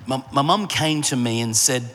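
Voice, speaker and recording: A middle-aged man preaching a sermon and telling a personal story, rising in pitch for emphasis and dropping low and soft in his memories. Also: normal speed. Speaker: pastor. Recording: long hall reverb, faint ambient noise.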